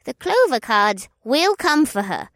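A man's voice: very high voice, very animated, unhurried, fairly bright tone, dry recording, clean studio sound, voice pushed up, heavily acted. Man doing a grave, warning young woman. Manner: serious, ominous.

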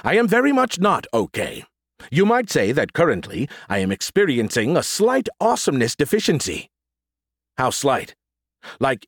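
A man's voice: medium pitch, dry recording, clean studio sound. A man voicing an arrogant, sarcastic male alien AI in an audiobook, snarky and theatrical. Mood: weary. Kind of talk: audiobook character voice.

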